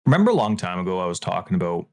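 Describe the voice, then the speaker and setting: A man co-hosting a gaming podcast in casual chat, excitable and quick to jump into high exclamations. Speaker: podcast co-host.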